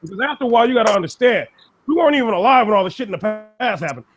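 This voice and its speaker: A man with a notably high voice rants in blunt, profane bursts. He is co-hosting a loose, casual discussion. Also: animated, very fast, soft background music. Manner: blunt, ranting, heavy swearing. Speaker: podcast co-host.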